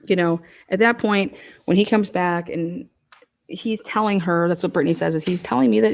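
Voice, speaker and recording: A woman's voice: lowish voice, moderate pace, gravelly. A woman giving casual, profane true crime commentary, blunt and heated, firing off rhetorical questions.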